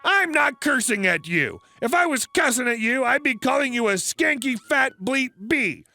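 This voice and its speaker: A man's voice: extremely high pitch, sing-song, normal speed, creaky, pushed and bright, voice pushed up, heavily acted. A man voicing a furious, entitled woman customer who screeches and rants indignantly. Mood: spiteful.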